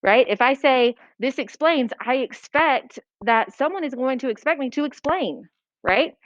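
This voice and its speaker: A woman teaching a writing lesson to a class, brisk and checking that students follow. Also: high-pitched, expressive, no room sound. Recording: dull lo-fi classroom recording.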